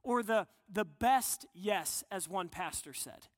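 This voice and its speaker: Man, pastor preaching a sermon, high voice, earnest and conversational, long hall reverb. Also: lively intonation, takes it slowly. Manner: conversational, earnest, with frequent restarts.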